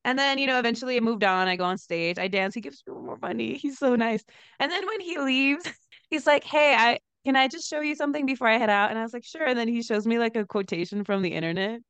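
A young woman co-hosting a podcast, telling a story in a chatty, animated way with lots of fillers. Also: fast, smooth, no room sound. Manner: animated storyteller, lots of "like", laughs into high pitch. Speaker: podcast co-host, dancer. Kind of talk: casual chat, storytelling.

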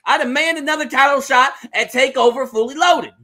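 A man voicing a boastful redneck wrestler with a put-on Southern drawl, trash-talking and whining loudly. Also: high voice, normal speed, pitched above the performer's own voice. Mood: indignant ranting. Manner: boastful trash talk, rising to whiny outrage. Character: brash redneck male wrestler, boastful and whiny.

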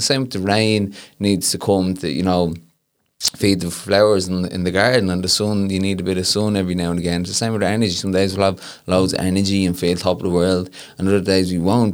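Deep-voiced Irish man, earnest chat. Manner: earnest, repeats "you know what I mean". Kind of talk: casual chat.

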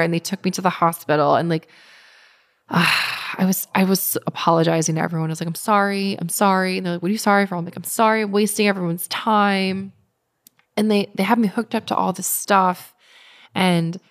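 A woman in her thirties telling a personal story in a casual interview, animated and full of fillers. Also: on the low side. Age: 30s. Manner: animated retelling with many fillers, voicing others. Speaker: guest.

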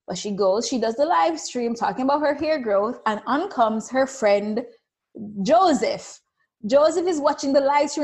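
A woman with a fairly high voice talks through a motivational story about intuition and selling. She tells it casually and acts out the people she quotes with lively shifts in tone. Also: moderate pace. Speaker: spiritual business coach.

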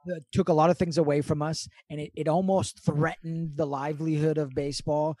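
A man's voice: on the high side, flat delivery, a little fast, dark tone, no room sound. A man co-hosting a podcast over a video call, talking in casual, profane, mock-grandiose rants. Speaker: podcast co-host. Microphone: remote over video call.

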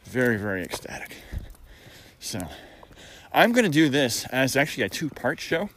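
A man's voice: medium pitch, big pitch swings, normal speed, fairly bright tone, slight background noise, poor audio. A middle-aged man hosting a casual solo podcast, chatty and full of wry asides and puns. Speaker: podcast host.

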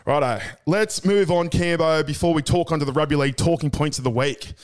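A man's voice: on the high side, fairly quick. Young Australian male co-host, casual blokey banter, salty language. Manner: blokey, swears freely, laughs often. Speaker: podcast co-host. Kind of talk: casual chat.

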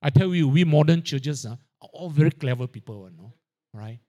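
A man preaching a sermon, peppering his lines with "you know, right?" and dropping quiet on the tag-ons. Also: a little high, animated, a little fast, lo-fi sound. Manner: drops to a quiet aside on filler tags. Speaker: pastor.

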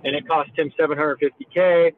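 A man's voice: on the high side, little pitch movement, brisk, slight background noise. A man in his thirties telling a story in a casual, profane, laid-back way, as a guest. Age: 30s. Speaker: guest, meme creator. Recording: tinny phone line.

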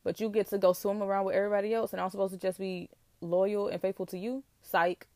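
A young woman rants about relationships in a casual, sassy and emphatic way. Her voice sits at a middling pitch, and she is recorded dry and close. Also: quick pace, dry recording. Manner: sassy, animated, emphatic with laughs. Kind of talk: casual relationship rant to camera.

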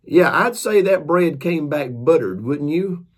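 A man's voice: a little high, lively intonation, unhurried, breathy edge. A man, a preacher and author, telling a story in a folksy, earnest, casual way. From Georgia, US.

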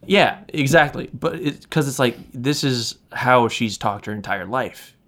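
A man's voice: medium pitch, lively intonation, measured pace, fairly bright tone. A man with a Midwestern American accent, co-hosting a podcast in casual chat, loose and rambling and swearing freely. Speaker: podcast co-host.

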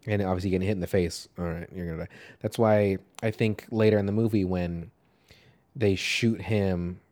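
A man's voice: sits low, steady tone, normal speed, darkish tone. Rambling man chatting about movies. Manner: rambling, swears, trails off and restarts. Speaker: podcast co-host. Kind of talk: casual movie discussion.

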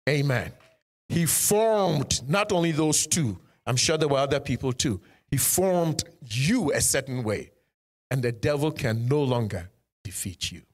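A man preaching a sermon as pastor, punctuating points with "Amen" and putting direct questions to his congregation. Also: medium pitch.

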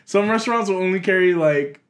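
A man in casual chat, telling animated stories, acting out what people said and laughing often. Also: high voice, fairly quick, a crowd in the background.

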